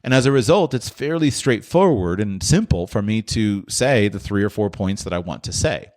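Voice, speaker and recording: A man's voice: lowish voice, expressive, normal speed, a little mellow. A man hosting a podcast, answering listener questions in a thoughtful, explanatory way with frequent restarts. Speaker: podcast host.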